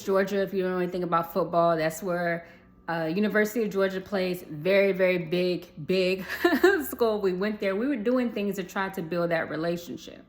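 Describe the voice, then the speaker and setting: A young adult woman telling a personal story to viewers in a casual storytime vlog, chatty, calling them y'all and swearing freely. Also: fairly low pitch.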